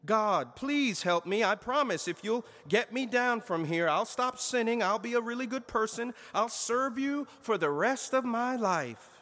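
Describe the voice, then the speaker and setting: Brief: preacher playing a frantic man on a cliff, shouting for help, ringing hall. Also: animated, a little slow, few pauses, full character voice. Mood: pleading. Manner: high panicked yelling and pleading. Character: terrified man dangling from a cliff branch. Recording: long reverb of a large hall.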